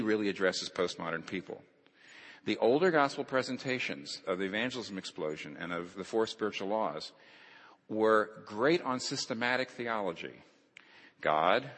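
Low-voiced man preaching in a hall. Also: a bit bright. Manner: emphatic, repeats key phrases for stress. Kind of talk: lecture-style sermon. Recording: long reverb of a large hall.

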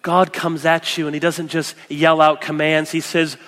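A man preaching a sermon, earnest, moving between loud emphasis and soft, close asides. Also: a little high, level tone, normal speed, hardly any pauses, long reverb tail. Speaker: pastor.

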